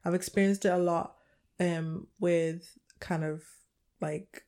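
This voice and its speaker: A young woman with a Liverpool accent co-hosts a casual podcast, her voice sitting a little low. She tells her stories with energy, acting out the lines of the people in them. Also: takes it slowly. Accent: Liverpool English. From England. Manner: animated storytelling, acts out others' lines. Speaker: podcast co-host. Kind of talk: casual chat.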